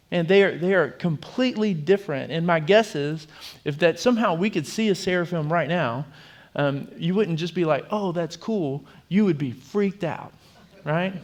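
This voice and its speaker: Conversational male pastor, slightly high voice. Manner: conversational, with fillers and repeated words. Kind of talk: sermon. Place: church.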